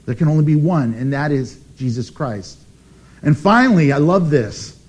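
A man preaching a sermon as pastor, emphatic and animated, with dramatic pauses. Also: a little high.

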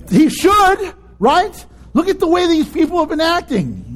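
Male pastor, sermon; high voice that swoops all over, animated and playful, laughs often. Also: normal speed.

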